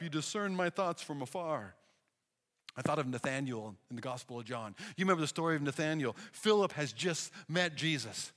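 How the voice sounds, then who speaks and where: A man preaching a sermon, telling Bible stories in an animated way and acting out the people he quotes. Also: medium pitch, moderate pace. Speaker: pastor. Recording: long hall reverb.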